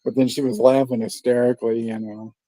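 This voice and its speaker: A man's voice: mid-range voice, little pitch movement, a little fast, mellow, rough recording. A man in casual chat at a watch party, rambling and swearing, laughing often.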